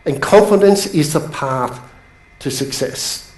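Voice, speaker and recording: Animated man coaching an audience. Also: slow. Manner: animated storytelling, pitch jumps up for emphasis. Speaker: business coach. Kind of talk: motivational bootcamp talk to a seated audience. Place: training room with a live audience. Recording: echoey room.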